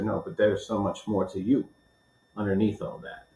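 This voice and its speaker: Low-voiced podcast host in an echoey room. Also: male voice, moderate pace. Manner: animated, affirming, asks open questions. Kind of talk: casual interview chat.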